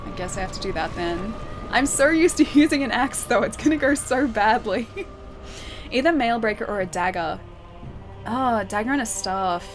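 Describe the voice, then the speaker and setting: A woman's voice: a little high, expressive, normal speed, music in the background. A young Australian woman chatting casually while livestreaming a game, giggling often and answering her chat. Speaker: streamer. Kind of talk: live game stream chat.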